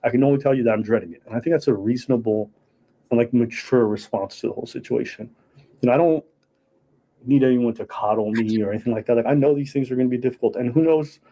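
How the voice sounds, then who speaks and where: A man recounting a relationship conflict in a hesitant, measured way. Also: medium pitch, warm tone, rough recording. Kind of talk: personal account.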